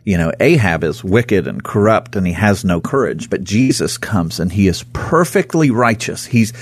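Husky low-voiced man discussing scripture. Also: normal speed. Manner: animated, acts out quoted speech. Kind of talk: casual Bible discussion.

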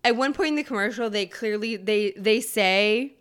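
A woman in her thirties hosting a solo podcast, ranting in a fast, profane, animated way. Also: medium pitch, clear, resonant tone. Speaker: podcast host.

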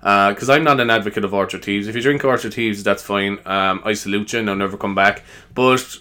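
A tired Irish man hosting a comedy podcast, rambling on in a chatty, self-amused way and leaning on "you know" and "right?" as he goes. His voice sits fairly low but sounds bright and forceful, with a sharp edge to the delivery. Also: steady tone, fairly quick, clean tone. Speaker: podcast host.

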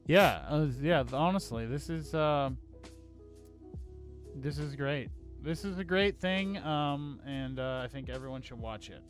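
A man talks films with a friend in a loose, lively way, his voice a little high and bouncing all over the place. He swears freely and gets carried away. Faint music sits behind him. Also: measured pace. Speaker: podcast co-host. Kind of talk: casual film review chat.

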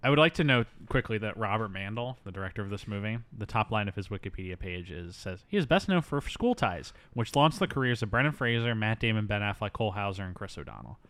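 Jokey podcast guy, lively pitch. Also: fast, hardly any pauses, no room sound. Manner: jokey, riffing, playful asides. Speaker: podcast co-host. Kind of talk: casual movie-review chat.

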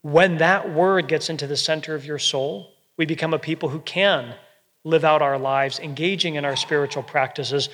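A man preaching a sermon as pastor, earnest and gentle, with soft quoted asides. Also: on the high side, normal speed, big-room sound.

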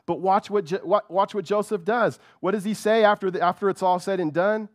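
A man's voice: high-pitched, steady tone, fairly quick, dry recording, studio quality. A man preaching a sermon with fervor, repeating words and often checking in with "right?". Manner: fervent, repeats words, keeps asking "right?".

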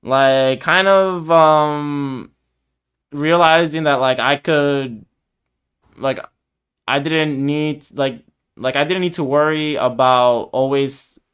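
Young guy on a podcast, super smooth voice, talks slow and thoughtful with lots of likes. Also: on the high side, a bit bright. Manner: hesitant and reflective, many fillers. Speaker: podcast co-host. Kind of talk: casual conversation.

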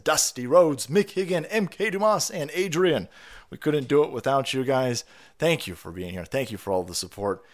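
A man hosting a livestream, ranting in a profane, fired-up, rallying way while sick with a cold. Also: mid-range voice. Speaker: livestream host.

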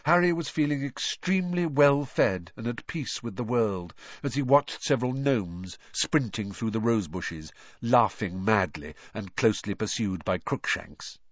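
Expressive male audiobook narrator. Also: on the low side, unhurried, few pauses, no echo, highs cut off. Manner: expressive storytelling. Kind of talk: scripted narration.

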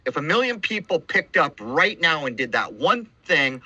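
A man's voice: fairly high pitch, sing-song, normal speed, bright, forceful tone, husky, no echo, highs cut off. A man hosting a podcast in casual conversation, talking in an emphatic, preachy, rhetorical way. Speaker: podcast host.

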